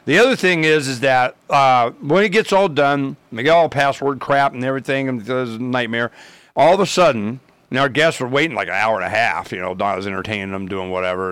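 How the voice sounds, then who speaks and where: A man's voice: mid-range voice, brisk, fairly bright tone, clear, resonant tone, no echo. A man rambling through a casual story, acting out both sides of the conversations in his own voice.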